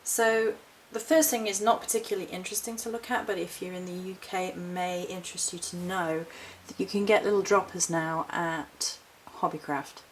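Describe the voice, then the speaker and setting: A woman's voice: on the low side, fairly even intonation, moderate pace, few pauses, slight background noise, rough recording. A woman chatting casually through a haul vlog, rambling and correcting herself as she goes. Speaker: witchcraft vlogger.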